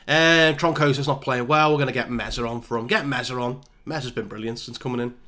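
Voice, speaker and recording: A man's voice: mid-range voice, fast talker, bright, forceful tone. A man giving casual, self-mocking play-by-play commentary over a football management game. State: out of breath. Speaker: gaming YouTuber.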